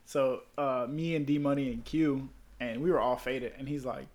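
A man's voice: medium pitch, steady tone, normal speed, a little mellow. A young man telling rambling, profane stories to friends in a casual chat, laughing at his own jokes.

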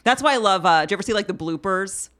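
A woman's voice: medium pitch, animated, fast talker, fairly bright tone. A woman on a podcast, chatting bluntly and jokingly, now and then slipping into playful put-on voices. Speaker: podcast guest. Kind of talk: casual chat.

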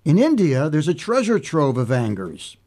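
A man's voice: on the high side, huge pitch swings, moderate pace, dark tone. Chatty American man, laughing often. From United States. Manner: chatty, laughs often, many fillers and restarts. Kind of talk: casual chat.

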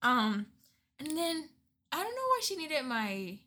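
A young woman chatting casually, an animated storyteller who acts out what people said. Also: high-pitched, unhurried. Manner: animated storyteller, acting out quotes. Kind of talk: casual chat.

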